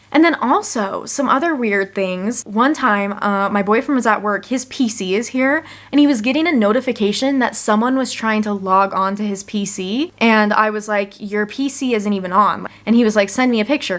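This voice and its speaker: Chatty young woman vlogger. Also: medium pitch. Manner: chatty, animated, says "like" often. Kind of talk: casual storytelling to camera. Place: one-room studio home.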